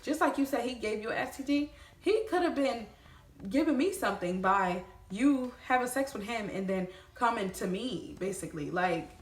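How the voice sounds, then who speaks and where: A woman telling a storytime vlog, animated and swearing freely, talking straight to her viewers. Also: on the high side, roomy sound. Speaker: vlogger.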